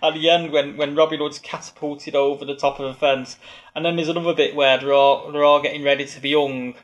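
A man's voice: fairly high pitch, little pitch movement, a little fast, dull audio. A man chatting casually on a podcast, rambling with many restarts and fillers.

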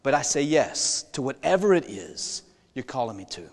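A man's voice: medium pitch, big pitch swings, normal speed, creaky, voice pushed down. A man voicing Moses as a humble, earnest prophet who keeps agreeing to what he is asked, heard with long hall reverb. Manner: earnest, plainspoken pledges.

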